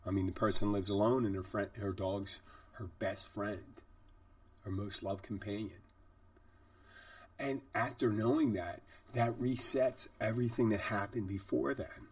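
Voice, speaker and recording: A man's voice: on the low side, fairly even intonation, a little slow, no echo, distant mic. A middle-aged man, a bartender hosting a podcast, telling stories and reflecting in a rambling, conversational way. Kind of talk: reflective storytelling monologue.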